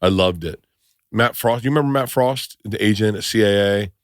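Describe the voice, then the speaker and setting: A man's voice: on the low side, a little fast, no room sound. Rambling male podcast host, dry sound. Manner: rambling, acts out other people in his stories. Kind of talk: casual podcast chat.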